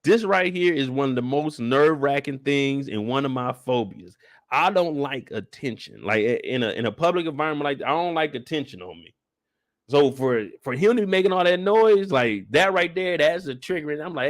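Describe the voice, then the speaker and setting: On a live stream, a man casually recaps a show at normal speed, animated and relaxed, voicing the characters in exaggerated high pitches. The recording is dry and studio quality.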